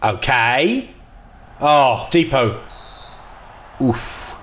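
A man giving casual, excitable commentary while playing a football management game, dropping to mutters and jumping to loud outbursts. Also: mid-range voice, extremely slow. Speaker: gaming video host.

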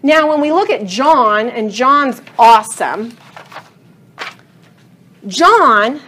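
A middle-aged woman leads a Bible study lesson, earnest and animated, her retelling of the story rising to emphatic passion. Her voice sits a little high, she draws out her words, and a slight hiss or hum runs underneath.

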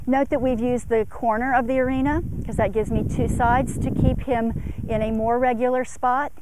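A woman horse trainer explaining longeing technique between short commands to a horse, her voice rising in pitch for upward gaits. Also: steady tone, normal speed, noisy background. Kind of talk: instructional demo while longeing a horse. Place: outdoor arena corner.

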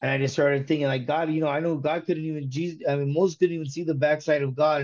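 Animated man telling a testimony, slangy. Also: a little high, fast talker, muffled recording. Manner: animated, slangy, tells the story in present tense. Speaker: guest giving a conversion testimony. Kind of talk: emotional testimony in casual chat.

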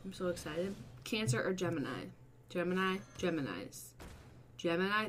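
A woman hosting a casual livestream, chatting with her viewers, swearing and breaking into bursts of excited shouting. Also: lowish voice, normal speed, slight background noise. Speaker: livestream host.

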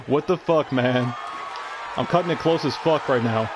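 A man's voice: medium pitch, a little slow, gravelly, crowd noise, noisy background. A young man doing gameplay commentary, swearing and trash-talking the game in frustration. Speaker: gameplay streamer. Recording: game sounds loud behind.

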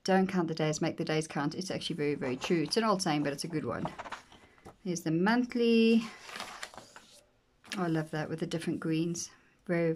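A woman vlogger gushing over a planner in casual commentary, often dropping to soft near-whispers. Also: deep voice, slight background noise. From South Africa. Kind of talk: casual flip-through commentary.

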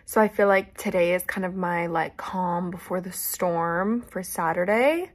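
A woman's voice: fairly low pitch, unhurried. A young woman narrating her day in a casual vlog, chatty and full of filler words. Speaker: vlogger, dance studio owner.

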